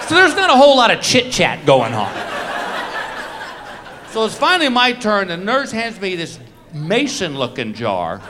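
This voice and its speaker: A man with a high, very lively voice tells a comic story on stage, swinging his delivery up and down between setups and punchlines. He is miked in a live club recording, with the noise of the audience clearly heard behind him. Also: normal speed, pauses often, a crowd in the background. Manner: storytelling with punchlines, brief acted quotes. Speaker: stand-up comedian. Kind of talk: stand-up comedy routine.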